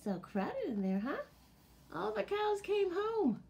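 A woman librarian leading a children's storytime and sing-along, animated and talking to her listeners as friends. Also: very high voice, slow, vocal fry, a little hiss or hum.

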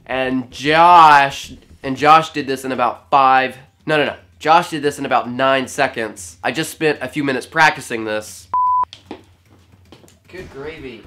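A man's voice: mid-range voice, unhurried, pushed and bright, soft background music. A young man vlogging casually and goofily while recovering from being sick, joking at his own expense. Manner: goofy, playful, self-mocking. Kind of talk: casual vlog.

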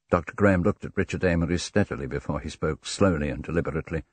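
Male audiobook narrator, deep and husky, even and measured. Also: dry recording. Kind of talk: scripted narration.

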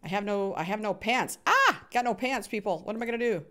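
A woman's voice: mid-range voice, fast talker. A woman streaming a game live, chatting with viewers, cheering on other players and humming little sound effects as she plays. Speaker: gaming streamer. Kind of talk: live Minecraft stream commentary.

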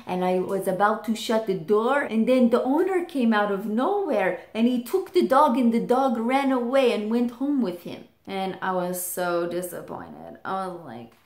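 Animated woman telling a childhood story. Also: normal speed, hardly any pauses. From England. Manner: animated, jumps high when quoting her child self. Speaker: vlogger. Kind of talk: personal storytelling. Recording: roomy echo.

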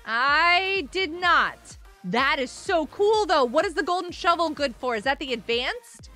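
A woman's voice: high voice, lively intonation, normal speed, bright, forceful tone, faint music behind. A woman streamer chatting casually while playing a game live, giggly and greeting her viewers.

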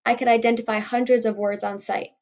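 Gravelly woman reading a novel aloud. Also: fairly high pitch, level tone, fast talker, darkish tone, dull audio. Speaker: audiobook reader.

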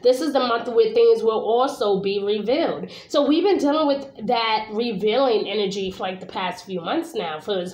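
A woman's voice: on the high side, moderate pace, few pauses, a little mellow. A woman from Brooklyn, New York, giving a casual tarot reading to camera, chatty and informal, swearing now and then and often asking "okay?". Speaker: tarot reader. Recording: echoey room.

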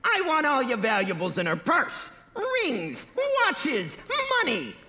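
A man voicing a gruff armed bandit who barks demands, in a comedy sketch with long stage reverb. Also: very high voice, huge pitch swings, slow, bright, forceful tone, slight background noise, pitched above the performer's own voice, heavily acted. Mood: threatening. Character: armed male bandit in trench coat.

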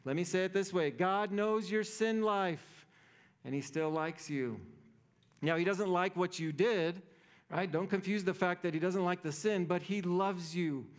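A man's voice: sits high, a little slow. A man preaching a sermon as pastor, conversational and playful, often checking in with the congregation. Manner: conversational, playful, keeps asking "right?".

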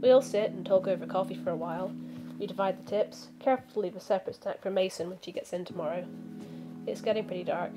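Woman, let's play streamer, reading game text aloud, animated asides, clear background music. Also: medium pitch, fast talker. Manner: animated, reacts with outbursts and asides. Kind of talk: reading a visual novel aloud.

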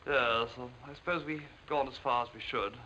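A man's voice: mid-range voice, moderate pace, sharp tone, muffled recording, natural voice. An actor playing a deferential male valet in a 1930s film, polite and dry with sly understatement. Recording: noisy old film soundtrack.

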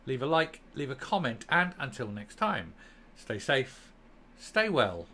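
A man's voice: mid-range voice, very animated, a little slow, sharp tone, slight background noise. A man from England hosting a political opinion vlog, ranting emphatically with a sarcastic edge. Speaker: channel host.

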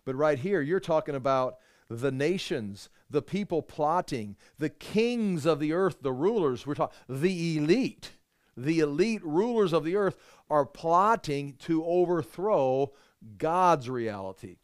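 A man's voice: on the high side, lively intonation, unhurried, dry recording, clean studio sound. A man teaching through a Bible passage verse by verse, earnest and conversational, often restarting his thoughts mid-sentence.

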